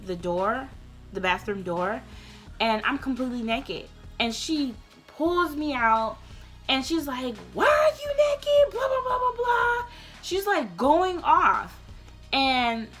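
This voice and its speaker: A young woman vlogger telling a personal story in a candid, rambling way, earnest and emotional, sometimes getting loud and passionate. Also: fairly high pitch. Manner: loose, rambling, many restarts.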